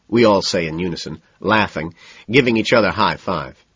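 A man narrating a novel in the first person in a cool, measured, understated way. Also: low-pitched, fairly bright tone, breathy edge, dry recording, highs cut off. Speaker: audiobook narrator.

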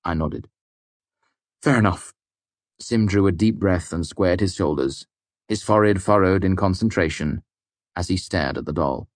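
A man reads a novel aloud with calm, steady pacing. His voice is very low and sits close and dry on the mic, with no room sound. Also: normal speed, dry recording. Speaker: audiobook narrator. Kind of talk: scripted narration.

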